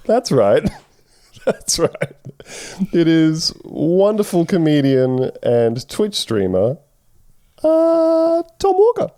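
A man's voice: on the high side, wildly swooping pitch, slow pace, mellow, no echo. A man co-hosting a comedy podcast, playful and teasing in casual banter. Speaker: podcast co-host.

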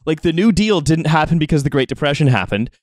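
A man hosting a podcast, talking in casual chat with many halting restarts. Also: fairly high pitch, expressive, no room sound, studio quality. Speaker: podcast host.

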